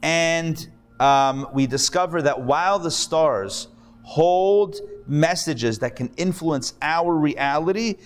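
Rabbi lecturing a live class, a man with a slightly high voice, lively and jokey with the room. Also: takes it slowly. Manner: lively, jokey storyteller, chats with the audience. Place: classroom before a live audience.

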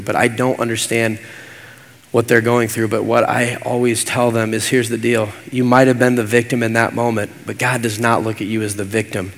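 A man's voice: on the low side, flat delivery, brisk, a bit bright. A man preaching a sermon as pastor, earnest and repetitive in his cadence. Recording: long hall reverb.

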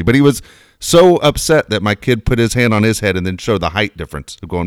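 Deep, fast-talking radio host man. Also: clean tone, no echo, studio quality. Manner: easygoing, laughs often, steers the segment. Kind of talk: casual sports radio talk with live ad reads.

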